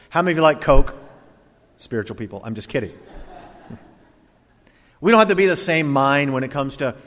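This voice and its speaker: A man preaching a sermon as pastor, animated and jokey with quoted asides. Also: mid-range voice. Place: church. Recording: long hall reverb.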